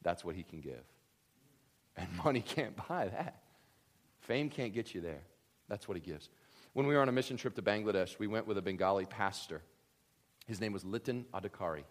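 A man preaching a sermon, animated and humorous, swinging between loud excited bursts and hushed, quiet emphasis. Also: on the low side, a little fast. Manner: humorous storytelling asides. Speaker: pastor.

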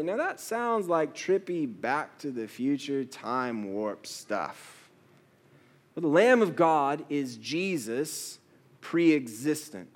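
A man's voice: mid-range voice, animated, slow. A male pastor preaching a sermon, telling stories with playful quoted asides.

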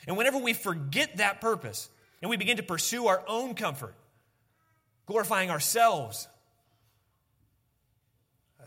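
A man's voice: on the high side, sharp tone. A man preaching a sermon as pastor, conversational and self-deprecating, repeating phrases for emphasis.

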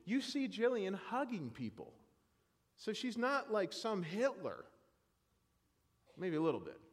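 A man preaching a sermon in church, animated and self-deprecating, joking with the congregation. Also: sits high, measured pace, big-room sound. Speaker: pastor.

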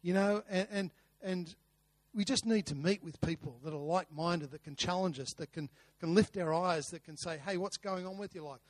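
Aussie pastor preaching, earnest, kinda high voice, repeats himself, dry close sound. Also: male voice, moderate pace, hardly any pauses, no room sound. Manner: earnest, repeats words, rhetorical questions. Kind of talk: sermon with a told story.

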